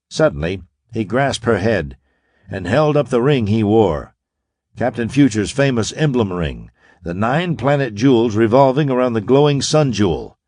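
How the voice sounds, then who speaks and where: Male audiobook narrator, mid-range, animated inflection, dry booth sound. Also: lowish voice, moderate pace, no echo. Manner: steady, dramatic storytelling. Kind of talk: scripted narration.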